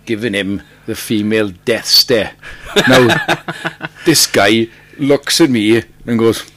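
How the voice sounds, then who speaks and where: A Welsh man, lead singer of a band, telling a lively anecdote as a podcast guest, laughing often and repeating himself. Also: fairly low pitch. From Wales. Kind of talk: casual podcast chat, storytelling.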